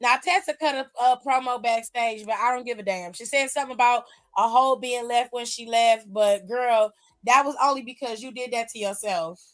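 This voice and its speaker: A woman's voice: fairly high pitch, normal speed, faint music behind. A woman hosting a wrestling aftershow, recapping matches in a blunt, sassy, casual way full of slang.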